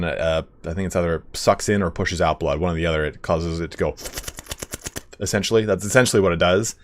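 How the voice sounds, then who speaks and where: A man streaming a game, telling a story in a chatty, rambling way, swearing freely. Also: low voice. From United States. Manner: chatty, swears freely, slips into mock voices.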